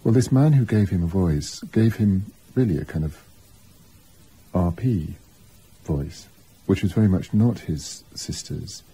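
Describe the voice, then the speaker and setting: A biographer talking reflectively in an interview, thinking aloud with asides and restarts. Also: male voice, low-pitched, lively intonation, unhurried, mellow, breathy edge, poor audio.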